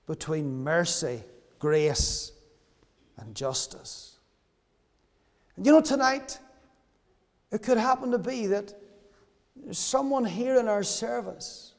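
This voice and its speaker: A man's voice: high voice, expressive, slow pace, long pauses, big-room sound. A man preaching a sermon at a church service, impassioned and acting out the voices of characters in the story he tells. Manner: impassioned, acts out voices of the brother and father.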